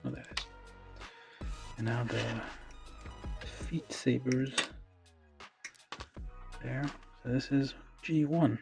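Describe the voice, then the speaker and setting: A man's voice: medium pitch, takes it slowly, creaky, long pauses. A man casually thinking aloud with many fillers as he builds a model kit on a livestream, talking half to himself. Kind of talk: casual talk while building. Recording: music playing under the voice. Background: background music.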